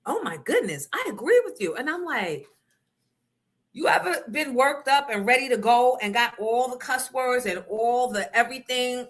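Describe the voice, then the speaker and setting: A middle-aged woman hosting a livestream, chatting casually and telling stories in an animated, profane way, acting out the other people in them. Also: fairly high pitch. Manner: animated, profane, acts out voices in her story. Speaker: livestream host. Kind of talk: casual chat, storytelling.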